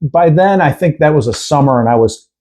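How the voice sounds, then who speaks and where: A man's voice: fairly high pitch, lively intonation, brisk, a little mellow, low-quality recording. A middle-aged man from Chicago with a Chicago accent, a podcast guest telling rambling childhood stories with many fillers. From Chicago area. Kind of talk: casual interview storytelling.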